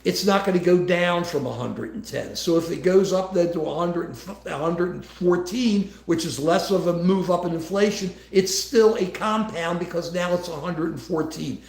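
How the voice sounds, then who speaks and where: Gravelly, rambling male livestream host. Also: high-pitched, moderate pace, hardly any pauses. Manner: rambling, restarts, conversational. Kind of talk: casual political talk. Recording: echoey room.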